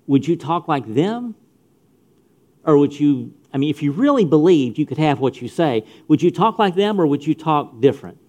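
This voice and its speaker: In a sermon aimed at young people, a middle-aged pastor speaks straight to his listeners, emphatic and repetitive in phrasing. His fairly high voice has big pitch swings and a darkish tone at normal speed.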